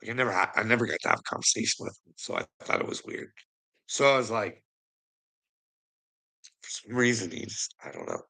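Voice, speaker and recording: A man from Canada talking in a casual, rambling monologue, swearing often and trailing off quietly at the ends of phrases. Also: fairly low pitch, wildly swooping pitch, a little fast, gravelly, pauses often, husky, low-quality recording. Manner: rambling, heavy swearing, frequent "you know what I mean". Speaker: vlogger.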